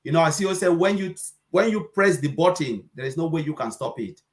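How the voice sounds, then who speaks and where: A man's voice: a little high, expressive, brisk. A man giving an emphatic, preachy, repetitive motivational talk on a webinar, now and then acting out customers' voices. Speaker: presenter.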